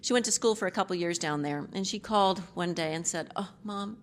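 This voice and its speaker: A woman's voice: lowish voice, fast talker, slight background noise. A middle-aged woman giving a personal testimony as a speaker at a recovery group meeting, candid and rambling with frequent asides and self-deprecating humor.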